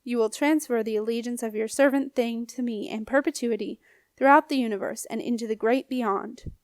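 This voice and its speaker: A woman's voice: a little high, steady tone, a little fast, darkish tone, no echo, studio quality, lightly acted. A woman reading an audiobook, voicing a scornful, menacing old male ghost with a snappish, growling manner. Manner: sneering, bullying.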